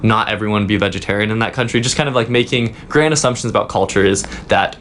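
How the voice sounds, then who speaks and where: Soft-spoken young man, halting storyteller. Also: on the low side, a little hiss or hum. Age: young adult. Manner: storytelling, halting with many fillers. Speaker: student guest. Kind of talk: casual interview chat. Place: office.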